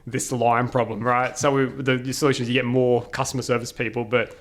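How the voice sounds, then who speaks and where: This is a casual storytelling interview where a man appears as a podcast guest. His voice is medium-pitched and level in tone, his pace brisk, and he tells his stories animatedly, laughing a lot and using many fillers.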